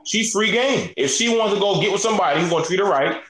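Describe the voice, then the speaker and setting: A man's voice: high-pitched, animated, fast talker, echoey room, a crowd in the background, poor audio. A man giving blunt, profane opinions in a casual podcast debate.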